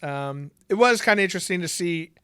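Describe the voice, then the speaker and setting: A man co-hosting a podcast in casual chat, laid-back, laughing often and filling pauses with ums. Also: sits high, lively intonation, a bit bright, smooth, no room sound, studio quality. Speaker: podcast co-host.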